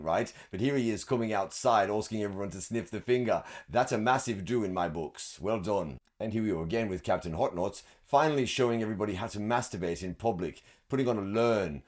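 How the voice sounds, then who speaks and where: A man giving crude, sarcastic comedic commentary as a show host, swearing heavily and handing out mock advice. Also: fairly low pitch. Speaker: show host roasting event photos.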